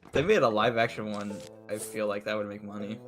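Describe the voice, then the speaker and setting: A man's voice: on the low side, fairly even intonation, brisk, faint music behind. A man guesting on a stream, chatting easily, laughing often and tripping over his words. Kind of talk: casual chat on a game stream.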